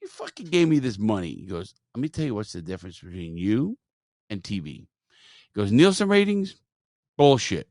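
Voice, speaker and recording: Male podcast host, low voice, lively swearing storyteller, dry close mic. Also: moderate pace, no room sound. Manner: profane, animated storyteller, quotes others. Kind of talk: casual storytelling chat.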